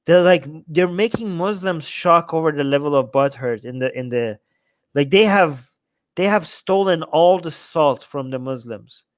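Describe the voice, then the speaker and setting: Male livestream host, high voice, dry close sound, sarcastic commentary. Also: animated, a little slow, dry recording. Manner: sarcastic, mocking. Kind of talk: live commentary on chat.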